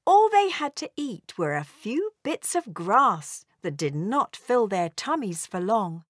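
A woman reading a children's storybook aloud in a gentle, expressive way. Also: medium pitch, slow pace, dry recording, clean studio sound.

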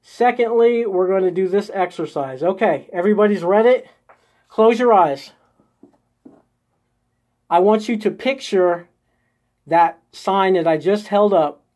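This high-voiced man speaks at a measured pace with long pauses and a darkish tone. Hosting a live-streamed spiritual coaching session, he steps viewers through an inner exercise, coaxing them and checking in constantly with "okay?" and "right?"

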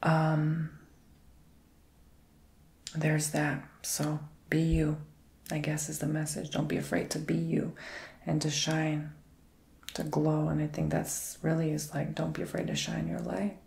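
A man giving an ASMR Reiki healing and tarot session, talking in a soft, mostly whispered, meandering and reassuring way. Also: on the high side, monotone, unhurried, vocal fry, pauses often, reverberant.

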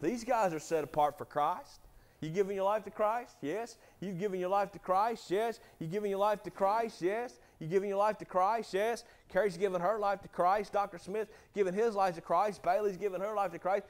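A man preaching a sermon in church, swinging between loud emphatic rises and soft drops, and asking the congregation direct questions. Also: high-pitched, normal speed. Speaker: pastor.

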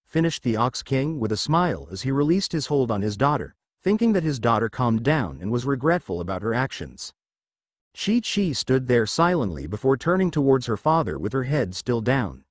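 Animated male story narrator. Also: mid-range voice, moderate pace, no echo.

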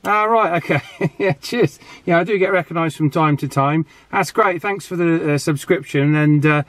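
A man hosting a radio hobby vlog outdoors on high ground, chatting in a relaxed, thinking-aloud way. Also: moderate pace, dry recording. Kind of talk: casual vlog narration.

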